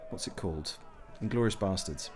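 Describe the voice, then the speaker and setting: A man's voice: low voice, moderate pace, background noise. A man giving casual let's-play commentary, chatting with his chat and rambling into jokey asides. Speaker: gameplay commentator.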